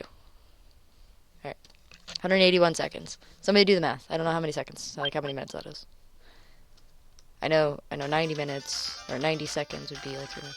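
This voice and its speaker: A woman commenting on her own video game play, excitable and rambling, swearing loudly at the game. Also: deep voice, a little fast, pauses often. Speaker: gaming channel host. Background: video game music.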